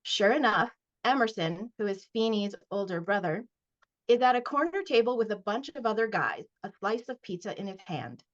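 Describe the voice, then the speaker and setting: A woman author reading aloud from her middle-grade novel at a virtual launch event, expressive in the first person, with short casual recaps. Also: mid-range voice, moderate pace. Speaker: children's book author. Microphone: video call. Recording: dull lo-fi video call audio.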